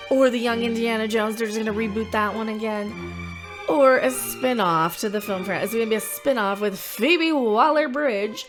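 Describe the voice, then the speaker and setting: A woman hosting a commentary vlog, ranting in a sarcastic, theatrical way. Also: a little high. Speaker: commentary channel host. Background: background music.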